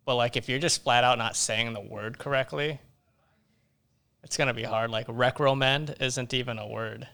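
A man with a gravelly, fry-laden voice at an ordinary pitch chats casually on a podcast. He talks in a dry, teasing way, correcting his co-host. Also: fairly even intonation, normal speed, bright, forceful tone. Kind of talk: casual chat.

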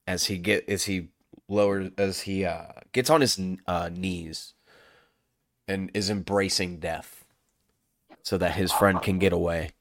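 A man's voice: deep voice, fairly even intonation, measured pace, gravelly, no echo. A man playing a tabletop role-playing game, describing his character's actions in a casual, hesitant way. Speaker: player.

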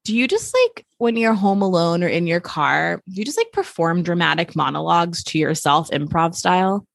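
A woman's voice: fairly low pitch, normal speed, vocal fry, no echo, clean studio sound. A woman co-hosting a casual chat, talking playfully and filling her speech with "like". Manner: chatty, peppered with "like"; playful and jokey. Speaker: podcast co-host.

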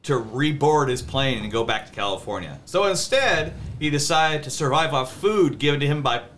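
Bright-voiced laughing male podcast host. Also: medium pitch, animated, moderate pace, a little hiss or hum. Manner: laughs often, stumbles over words. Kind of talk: casual chat, reading news stories.

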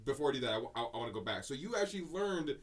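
A man's voice: medium pitch, sing-song, very fast. A man hosting a podcast, teasing and laughing as he asks questions in casual chat. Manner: teasing, laughing interviewer with many restarts. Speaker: podcast host. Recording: distant mic.

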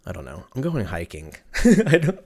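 A man hosting a solo podcast, rambling through a profane, joking rant and laughing often, his voice jumping up when excited. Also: normal speed. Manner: animated, jumps pitch when excited. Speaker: podcast host.

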